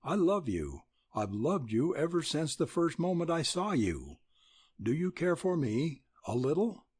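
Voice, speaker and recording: An earnest young man saying goodbye, steady but pleading, his husky voice rising and falling in a lively way, as a male audiobook reader plays him. Slow and close, told like a storybook. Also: fairly high pitch, no room sound, voice pushed up, exaggerated voice.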